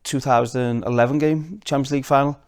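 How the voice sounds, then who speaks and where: A man with a Liverpool accent answers questions in a relaxed interview. He talks quietly, with many pauses and restarts. His pitch is middling. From Liverpool, England. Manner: hesitant, fillers and restarts, soft-spoken. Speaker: podcast guest. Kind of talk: casual interview chat.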